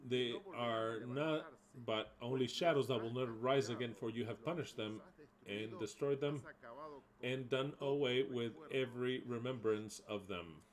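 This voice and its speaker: Male preacher, mid-pitched, reads verses then explains them with emphasis. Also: low-quality recording. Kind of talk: sermon teaching.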